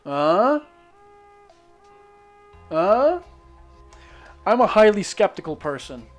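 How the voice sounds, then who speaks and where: A man's voice: high voice, sing-song, very slow, soft background music. A man from Northern Ireland with a muted Northern Irish accent, streaming while he draws, ranting skeptically with lots of swearing and restarts. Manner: rambling with many restarts. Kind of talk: casual chat while drawing.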